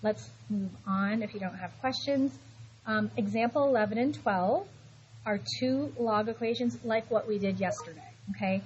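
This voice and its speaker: A woman's voice: medium pitch, normal speed, darkish tone. A middle-aged woman teaching math in a classroom, patient and reassuring, stopping to talk students through every step. The recording is a little dull, with a faint hiss underneath. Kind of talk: classroom lecture.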